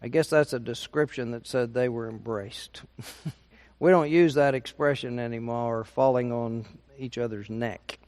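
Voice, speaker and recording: A man leading a Bible study, reading a chapter aloud and adding his own unhurried comments. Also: mid-range voice, steady tone, darkish tone. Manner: unhurried, reads aloud with asides. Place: church meeting room.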